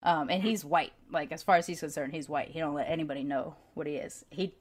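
A woman's voice: low-pitched, fast. A woman in casual chat, telling personal stories candidly and with animation, laughing often and swearing freely.

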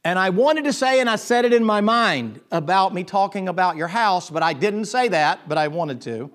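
A man preaching a sermon as pastor, swinging from low confiding tones to loud, excited bursts and restarting his sentences. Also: normal speed.

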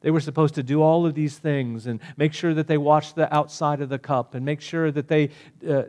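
Man preaching a sermon, fairly high voice, emphatic bursts, quiet gentle appeals. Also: fairly even intonation, moderate pace. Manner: swings between loud emphatic preaching and hushed gentle appeals.

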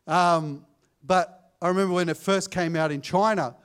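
Young man preaching, chatty and anecdotal, a touch higher pitched than most men. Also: normal speed, smooth. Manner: conversational, asks the congregation for amens. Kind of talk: sermon with anecdotes. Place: church.

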